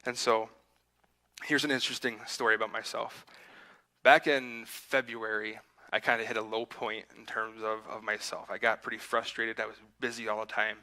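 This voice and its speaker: A man's voice: fairly low pitch, little pitch movement, moderate pace, pushed and bright, rough recording. A man preaching a sermon in a church, telling a personal story in a conversational, self-deprecating way and acting out his own inner voice. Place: church sanctuary.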